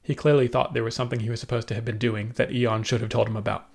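Man narrating an audiobook, mid-pitched. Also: fast talker, gravelly. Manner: steady storytelling.

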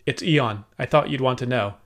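A man's voice: mid-range voice, normal speed, fairly bright tone, lightly acted. A man doing an earnest young servant.

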